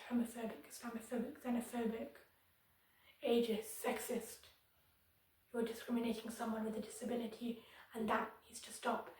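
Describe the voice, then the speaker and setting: A woman's voice: a little high, a little mellow, far from the mic. Earnest woman in echoey room. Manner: firm, earnest, addressing viewers directly. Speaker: disability vlogger. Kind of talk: direct-to-camera advocacy commentary. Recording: very echoey room, voice somewhat off-mic.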